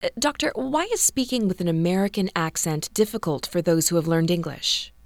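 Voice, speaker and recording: A woman radio host with a somewhat low voice, reading smooth, polished introductions and questions. The sound is dry and close. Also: brisk, no echo. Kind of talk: scripted radio interview.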